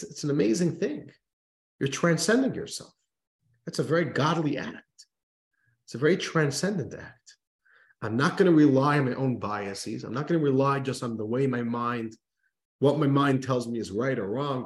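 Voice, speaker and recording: A man's voice: mid-range voice, moderate pace. A man, a rabbi, teaching a religious text class, telling a story and stressing points with emphatic repeated restarts. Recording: roomy echo.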